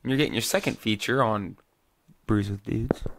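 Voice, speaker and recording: A man's voice: on the low side, moderate pace, background noise. Laid-back man hosting a beer podcast. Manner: relaxed, swears casually, keeps the show moving. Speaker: podcast host. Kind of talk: casual beer-tasting chat.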